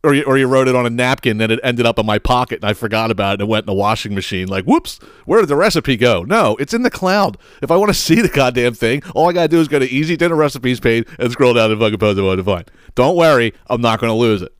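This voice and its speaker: A middle-aged podcast host from southeastern Pennsylvania races expressively through a solo rant in a smooth, mid-range voice, barely pausing. He tells rambling, profane stories with frequent laughter and exasperation. The recording is studio quality with no echo.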